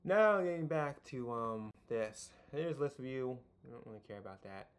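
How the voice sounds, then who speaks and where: A young man explains a workflow off the cuff, circling back on himself with fillers and half-finished sentences. His voice sits at an everyday middle pitch. He slips in wry, self-mocking remarks as he goes. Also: animated, moderate pace. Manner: rambling, many fillers and restarts; self-deprecating, jokey asides. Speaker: video tutorial host. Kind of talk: casual unscripted tutorial.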